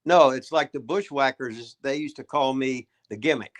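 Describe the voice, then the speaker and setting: An older man, a retired wrestler, hosts a show and spins rambling, folksy stories laced with swearing and laughter. His voice is medium in pitch and his speed is normal, the whole thing a casual storytelling chat.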